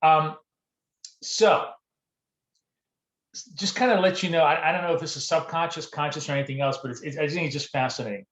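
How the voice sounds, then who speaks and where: A man's voice: on the high side, fairly quick, pauses often, fairly bright tone, echoey room. A man hosting a live trading stream, talking casually with many fillers and restarts and greeting viewers by name from the chat. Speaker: trading show host.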